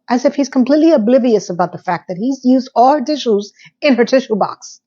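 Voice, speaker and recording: A woman's voice: on the high side, animated, brisk, warm tone, muffled recording. Sassy woman recapping a TV episode. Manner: chatty and sassy, addresses viewers directly. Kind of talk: casual episode recap commentary.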